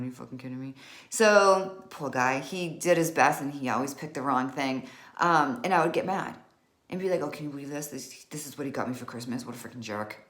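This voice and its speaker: A woman's voice: low voice, roomy sound. A woman in her forties, an author, frankly telling a personal story to camera in casual, self-mocking talk with many fillers. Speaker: author and vlogger.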